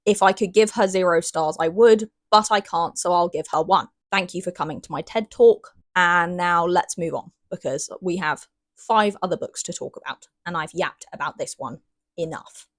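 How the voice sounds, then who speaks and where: A woman's voice: fairly low pitch, no echo. Bubbly young British woman reviewing books. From Great Britain. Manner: chatty, bubbly, playfully dramatic with squeals. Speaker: book vlogger. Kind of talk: casual book review vlog.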